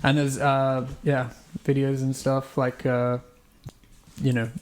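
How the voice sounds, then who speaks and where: A man's voice: medium pitch, monotone, takes it slowly. A man with a general Australian accent, chatting animatedly as a podcast co-host. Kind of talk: casual chat.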